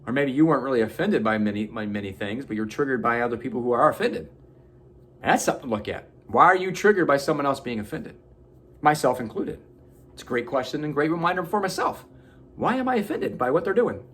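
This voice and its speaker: A man's voice: medium pitch, expressive, quick pace, fairly bright tone, breathy edge. A man giving an earnest, preachy motivational self-help talk, swearing casually. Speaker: motivational vlogger.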